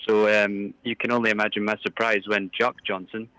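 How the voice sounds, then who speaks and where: A Scottish man calls in to a comic show, exasperated and complaining. His voice sits fairly low but comes across bright and forceful. The sound is close and dry. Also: level tone, brisk, no room sound, rough recording. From Scotland. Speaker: caller posing as a priest. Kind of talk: comic call-in.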